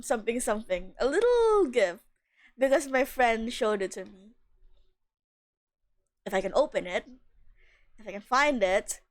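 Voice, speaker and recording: A woman's voice: fairly high pitch, no echo. Giggly, gushing woman streamer. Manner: giggly, gushing, excitable, talks to chat. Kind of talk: casual live gameplay chat.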